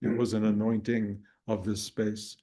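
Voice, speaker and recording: Older man telling a story at a retreat, mellow voice. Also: lowish voice, flat delivery, a little slow. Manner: rambling storytelling with restarts and chuckles. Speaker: spiritual teacher. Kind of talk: dharma talk to a live and online group.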